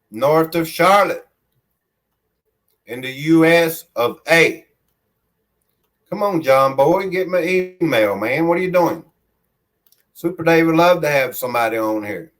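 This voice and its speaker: Slow-talking Southern man streaming from home. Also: a little high. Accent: Southern US country. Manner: rambling and friendly, refers to himself in the third person. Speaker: livestream host. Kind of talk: casual livestream chat, reading viewer comments aloud. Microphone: phone held in hand.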